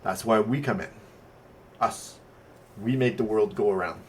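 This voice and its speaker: A man's voice: on the low side, measured pace, a little hiss or hum. A native French-speaking man co-hosting a podcast, telling rambling stories in casual chat with blunt talk and swearing. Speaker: podcast co-host.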